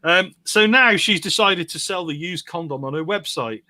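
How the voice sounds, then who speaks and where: A man's voice: high voice, lively intonation, moderate pace, pushed and bright, no echo. A man co-hosting a comedy podcast, reading quirky news stories aloud and adding quips. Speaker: co-host.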